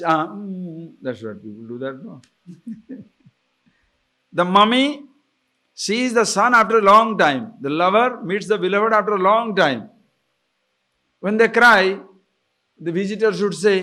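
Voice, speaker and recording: A man giving a scripture discourse as a spiritual teacher, animated and laughing often, asking his listeners questions. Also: high-pitched, normal speed, long pauses.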